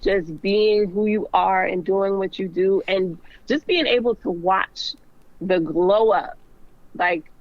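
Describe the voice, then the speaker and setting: A woman's voice: mid-range voice, slow pace, no room sound. Earnest woman guest on a dull, dry call line. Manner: earnest and heartfelt, with many "like"s and "um"s. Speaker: fashion designer guest. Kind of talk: casual interview chat. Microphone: remote call.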